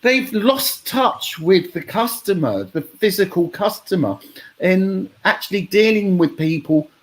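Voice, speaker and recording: A man's voice: high-pitched, expressive, unhurried. A man, a musician guest on a radio show, talking emphatically and repeating himself. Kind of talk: casual radio interview.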